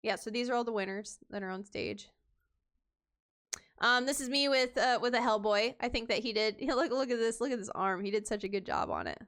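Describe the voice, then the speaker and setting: A woman's voice: a little high, fairly quick, fairly bright tone. A woman cosplayer chatting casually on her stream, rambling, with many fillers and restarts.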